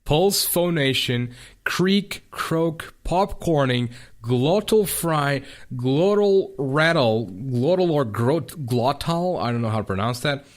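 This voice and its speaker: Animated, rambling young man co-host. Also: medium pitch, slow pace. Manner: animated, rambling, stumbles over his words. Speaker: podcast co-host. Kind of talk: casual chat.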